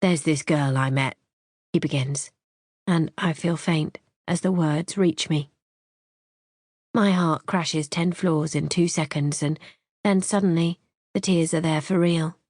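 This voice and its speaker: A woman's voice: low voice, steady tone, unhurried, a little mellow, dry recording, studio quality. A woman reading a first-person thriller in a wry, conversational way. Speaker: audiobook narrator.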